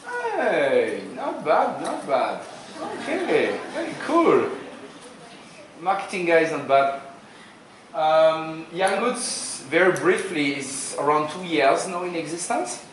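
Speaking slowly with huge swings in pitch, this fortyish French seminar speaker has a slightly high voice and keeps his sales conference talk loose and jokey, throwing questions at the crowd. The hotel conference room is very echoey, he's recorded from a distance, and there's a little hiss or hum.

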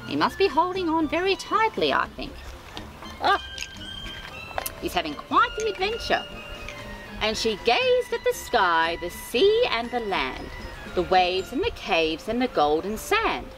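A woman reads a children's storybook aloud at an unhurried pace, her voice riding high and swooping all over the place. She breaks off for gentle, sympathetic asides. Music plays clearly underneath. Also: poor audio. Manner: expressive, sing-song reading with gasps of sympathy. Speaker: storytime host. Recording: reading over background music.

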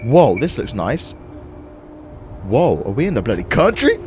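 A young man, reacting loudly and swearing while narrating a video game. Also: mid-range voice, a little slow, over music. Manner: excitable, swears, mock accents. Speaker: gaming YouTuber. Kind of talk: let's play commentary.

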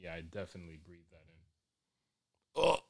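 A man hosting a podcast as a crude, excitable comic monologue full of swearing. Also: low-pitched, brisk, gravelly, noisy background. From New York. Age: 20s. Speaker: podcast host.

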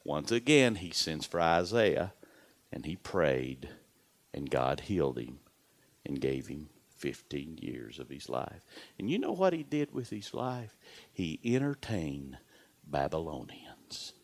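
A male pastor preaching a sermon with dramatic storytelling, repeating words for emphasis and dropping to a hushed whisper at key moments. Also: very deep voice, very animated, slow, creaky.

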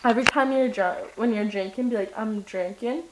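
A woman's voice: on the high side, fast, background noise. A young woman rambling to her camera in a silly, giddy, sing-song way, breaking into laughter. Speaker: vlogger. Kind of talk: rambling casual vlog. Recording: echoey room.

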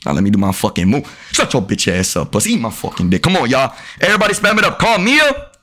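A man's voice: mid-range voice, big pitch swings, quick pace, pushed and bright, soft background music. A young man, streaming a basketball game live, trash-talking and cursing at chat and other players. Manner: profane, trash-talking, riled up. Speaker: gaming streamer.

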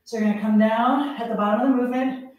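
A woman's voice: a little high, fairly even intonation, quick pace, dull audio, slight background noise. A woman fitness instructor leading a live workout, counting reps aloud, out of breath and laughing at herself. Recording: echoey room, voice from a distance.

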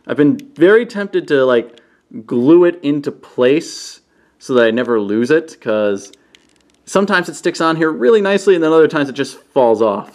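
Playful man with a lively, bouncing voice. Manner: playful, bursts into goofy high exclamations. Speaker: toy reviewer. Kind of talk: casual hands-on product review. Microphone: camera he sets up himself.

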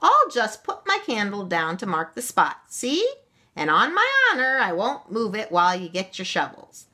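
A woman's voice: mid-range voice, sing-song, normal speed, pushed and bright, pitched above the performer's own voice. A woman voicing a cheeky, mocking little male leprechaun with an Irish accent in a read-aloud storybook. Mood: sly. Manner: teasing, mocking.

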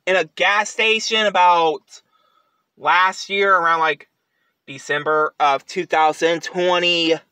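A man giving a casual product review, rambling and halting with frequent fillers. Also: sits high, fairly even intonation, sharp tone, smooth, no echo.

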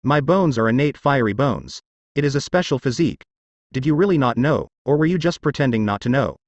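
A defiant young man, cold and cruel, his lines carried by a lively, moving pitch as a male narrator voices him. The reading stays even and unacted, with a dry, close sound. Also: brisk, no echo, lightly acted. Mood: confrontational.

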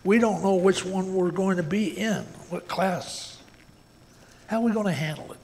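A man's voice: high voice, moderate pace, vocal fry, a little mellow, in a large hall, a little hiss or hum. A man preaching a sermon as pastor, folksy and plain-spoken, often repeating words and tossing in "man". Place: church sanctuary.

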